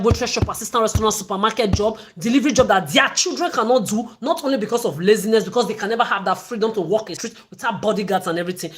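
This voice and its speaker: A woman delivering an angry, accusatory livestream rant, repeating herself as she goes. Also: fairly high pitch. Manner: ranting, accusatory, repetitive.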